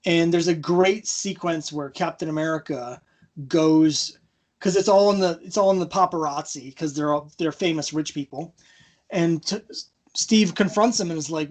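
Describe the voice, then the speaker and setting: A man's voice: on the high side, moderate pace. A man hosting a casual comic book discussion, retelling scenes with quoted lines and frequent ums. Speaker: podcast host.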